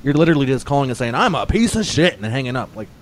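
A man's voice: mid-range voice, sing-song. A man in casual chat, bluntly complaining about bad tippers with plenty of swearing. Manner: blunt, fast, profane complaining. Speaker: pizza delivery driver.

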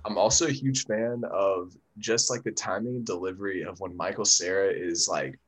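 A man's voice: low-pitched, moderate pace, slightly rough. A young man in easygoing casual chat who laughs often.

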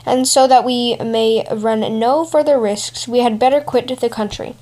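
A woman voices a sensible little bean in a natural voice. Her pitch is fairly high, her tone dark, and she keeps a moderate pace with fairly even intonation.

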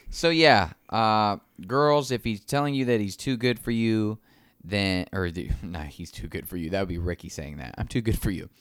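A man's voice: fairly low pitch, a little slow, fairly bright tone, clear, resonant tone, no room sound, studio quality. A man co-hosting a podcast, teasing his friends with crude jokes and frequent laughter. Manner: laughs often, swears freely, teasing. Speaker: podcast co-host. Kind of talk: crude casual banter.

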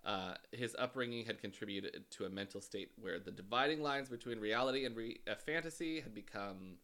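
A man's voice: fairly low pitch, brisk, pushed and bright. A man co-hosting a casual podcast, telling a true-crime story with frequent ums and dry asides. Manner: hesitant, many ums and uhs, dry asides. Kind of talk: casual chat, recounting a case.

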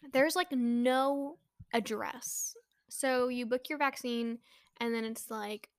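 A woman's voice: on the high side, a bit bright, dry recording, studio quality. A young woman chatting casually to her viewers, telling a story with lots of fillers and anxious exclamations. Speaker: vlogger.

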